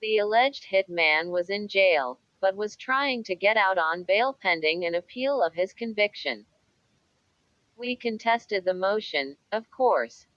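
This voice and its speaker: Female audiobook narrator, measured true-crime read, dry booth sound, a bit muffled. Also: mid-range voice, expressive, fairly bright tone, dry recording.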